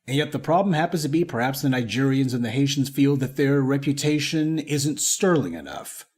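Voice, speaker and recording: A man's voice: mid-range voice, lively intonation, fairly quick, darkish tone. A man delivering a scripted commentary monologue in an indignant, lecturing manner. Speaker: online commentator.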